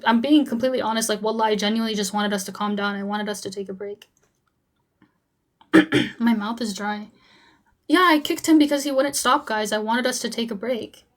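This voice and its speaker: A young woman with a fairly high voice hosts a live-streamed debate. She cuts across the other side with short repeated commands, then turns to speak frankly to her viewers. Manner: frank, talks straight to viewers. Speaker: host and debater.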